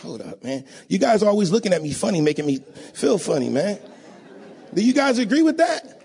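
A man preaching a sermon in a church, emotional and rising to sing-song shouts, often asking the congregation to agree. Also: high voice, big pitch swings, brisk, gravelly, breathy edge. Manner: call-and-response, asks audience to agree.

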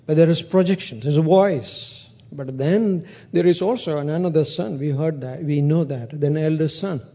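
Guy preaching, fairly high but mellow voice, acts out the bible story lines, trips over words a bit. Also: normal speed. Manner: retells scripture with acted dialogue, restarts words. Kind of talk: sermon.

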